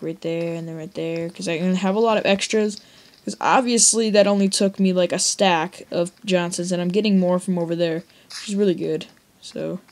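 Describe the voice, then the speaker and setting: Speaking to her viewers in a fairly low, slightly mellow voice, a young let's play gamer offers loose, joking commentary on the game she is playing.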